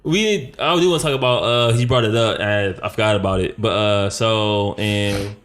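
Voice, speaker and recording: A man co-hosting a casual podcast, mostly laid-back and teasing, and he flares up when a story excites him. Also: lowish voice, moderate pace. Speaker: podcast co-host. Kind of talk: casual chat.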